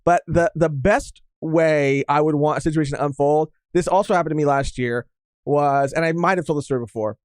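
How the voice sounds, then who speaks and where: Calm man telling a story on a podcast. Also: a little high, smooth, no room sound, clean studio sound. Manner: calm, measured, tells anecdotes. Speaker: podcast co-host. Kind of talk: casual storytelling.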